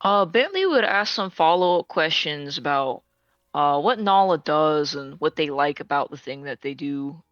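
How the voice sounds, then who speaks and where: A man's voice: fairly high pitch, animated, moderate pace, clean tone, no room sound, muffled recording, faint music behind. Hesitant man playing a tabletop game. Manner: hesitant, starts lines with "uh". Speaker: player.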